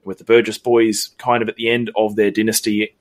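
A man's voice: on the low side, little pitch movement, fairly quick. A man, co-hosting a sports podcast, steadily leading the segments and the news. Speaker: podcast co-host. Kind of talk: casual sports chat.

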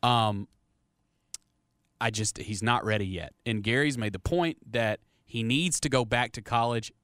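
A man hosting a sports radio show, giving steady, plain-spoken opinions in casual talk. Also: mid-range voice, measured pace, smooth, dry recording, studio quality.

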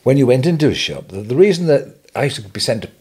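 An older English man, a retail businessman, telling stories as a guest on an interview podcast, animated and chuckling as he goes. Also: mid-range voice, fast talker, breathy edge. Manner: animated anecdotal storytelling, chuckling. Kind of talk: storytelling interview.

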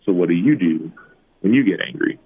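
A man in his thirties, a former football player, tells personal stories in an interview, acting out quoted lines in a higher voice. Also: lively intonation, a little fast, slightly rough. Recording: tinny phone-like remote line.

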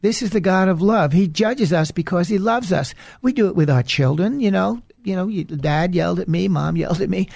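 A man's voice: high-pitched, lively intonation, moderate pace, gravelly, few pauses, darkish tone, no echo. A man hosting a preaching program, delivering an earnest, emphatic warning message. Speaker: radio preacher and host. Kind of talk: preaching monologue.

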